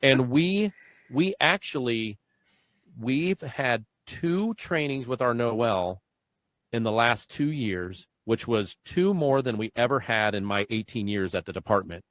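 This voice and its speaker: A man in his forties hosting a podcast, telling a story with lively acted-out dialogue and frequent laughs. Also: mid-range voice, measured pace, no echo. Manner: animated storyteller, acts out dialogue, laughs often. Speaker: podcast host. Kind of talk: casual podcast conversation.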